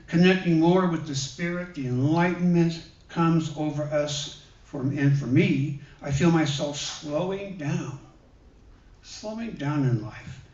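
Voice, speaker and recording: This is a man, a guest minister, preaching gently in an echoey church hall with a fairly high-pitched voice. His sermon is conversational and laced with personal stories, many pauses and fillers. Picked up by a distant mic, the audio sounds roomy and dull.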